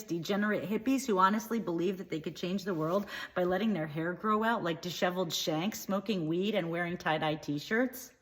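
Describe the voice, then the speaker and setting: A woman playing a naive, opinionated young woman in a comedic monologue, rambling chattily in a deadpan way. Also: lowish voice, close to an everyday voice. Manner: free-associating, chatty, deadpan.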